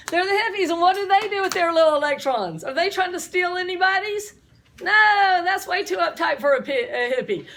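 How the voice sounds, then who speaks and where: Middle-aged woman, high voice, chatty teacher who tells stories and quizzes the class. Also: a bit bright, slight background noise. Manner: chatty, storytelling, asks the class questions.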